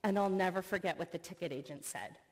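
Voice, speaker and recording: A middle-aged woman, a professor, giving an earnest sermon full of personal stories and expressive retelling. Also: on the low side, fast talker. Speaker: speaker, professor. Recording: long reverb of a hall.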